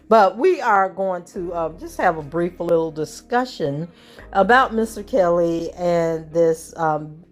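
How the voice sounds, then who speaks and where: A woman hosting her own commentary channel, talking in a casual, chatty way with a hoarse allergy-season voice. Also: on the low side. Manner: conversational, chatty with fillers. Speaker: channel host.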